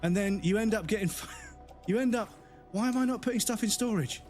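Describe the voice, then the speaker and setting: An irritated man vents in a long, profane rant during a casual game stream. His voice sits a little on the high side. Soft game music plays underneath. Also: a little fast. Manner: angry, profane ranting. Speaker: gaming streamer.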